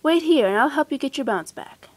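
A woman's voice: high voice, lively intonation, brisk, pitched above the performer's own voice. A woman reading aloud and voicing Christopher Robin, a sensible, kindly young boy in a storybook. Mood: reassuring. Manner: kindly, reassuring.

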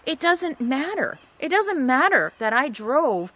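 This woman's voice is high and fairly bright, very animated yet unhurried. Standing outside at a trailhead, she talks reflectively about her RV life in a casual vlog, wandering off topic and restarting her sentences.

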